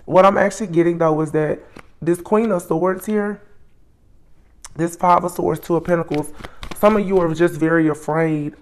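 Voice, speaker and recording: A woman giving a solo tarot reading, musing aloud as she names each card, with soft exclamations along the way. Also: on the low side, steady tone, moderate pace. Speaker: tarot reader.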